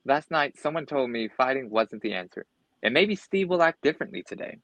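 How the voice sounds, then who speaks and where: A man's voice: medium pitch, lively intonation, fairly quick, a bit bright, no echo, pitched above the performer's own voice, close to an everyday voice, low-quality recording. A man voicing a worried, earnest young schoolboy, reading a storybook aloud.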